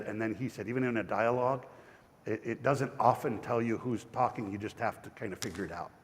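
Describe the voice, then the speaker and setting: A male pastor giving a chatty, digressive Bible study, with frequent restarts. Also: medium pitch. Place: church. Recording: church hall reverb.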